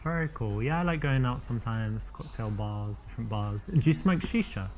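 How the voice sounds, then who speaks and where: A man's voice: mid-range voice, lively intonation, normal speed, darkish tone, close to an everyday voice. A man playing a cocky British flirt. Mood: chatty. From England. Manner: boastful, teasing, rambling.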